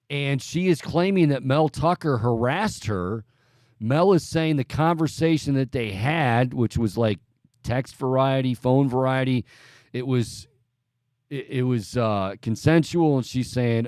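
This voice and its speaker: A man's voice: medium pitch, a little mellow, dry recording, clean studio sound. A man hosting a sports talk radio show in a casual, chatty way, often restarting his sentences.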